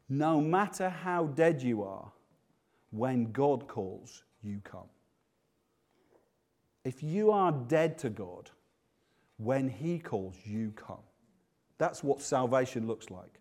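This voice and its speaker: A man preaching a sermon, swinging between loud, emphatic passages and hushed, slow ones. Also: mid-range voice, lively intonation.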